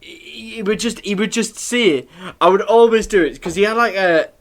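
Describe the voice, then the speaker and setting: A young man from Sunderland with a northern English Sunderland accent and a notably high voice. He chats casually as a podcast host, rambling through school stories with plenty of swearing and laughter. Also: expressive, moderate pace. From Sunderland, England. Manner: rambling storyteller, swears freely, laughs often. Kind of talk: casual chat.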